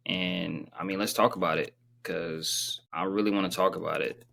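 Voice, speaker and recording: A young man hosting a casual sports reaction vlog, talking in loose slang with a subdued, self-described monotone delivery. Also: sits low, normal speed, gravelly, a little hiss or hum. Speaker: sports channel host.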